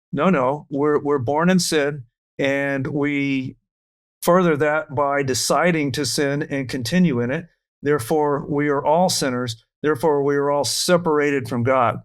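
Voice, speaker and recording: A man leading a verse-by-verse Bible study, explaining scripture earnestly and reading verses aloud. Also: fairly high pitch.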